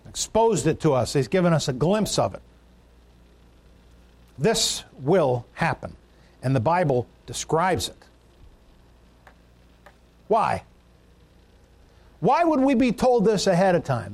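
A man with a notably high speaking voice delivers a sermon in church. He talks earnestly and builds his points through long lists and repeated phrases. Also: a little mellow. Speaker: pastor.

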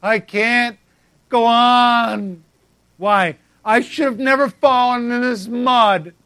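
A man's voice: very high-pitched, steady tone, takes it slowly, sharp tone, no echo, pitched above the performer's own voice, full character voice. A man voicing a despairing person who wallows in self-pity after falling. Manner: wailing, self-pitying.

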